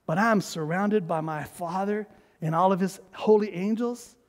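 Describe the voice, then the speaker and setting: A man with a high voice preaches in a church sanctuary, his words ringing out with a long reverb. He is emphatic and calls on the congregation to repeat after him. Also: measured pace. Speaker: pastor. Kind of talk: sermon.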